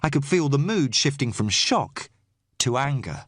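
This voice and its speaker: Dry, measured male audiobook narrator. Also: mid-range voice, sing-song, a bit bright, husky, no echo. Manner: measured, tense storytelling. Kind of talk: first-person audiobook narration.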